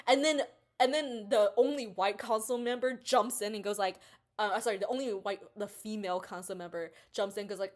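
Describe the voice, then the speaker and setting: A woman's voice: fairly high pitch, normal speed. Rambling young woman reviewing a book. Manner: rambling, many fillers and restarts.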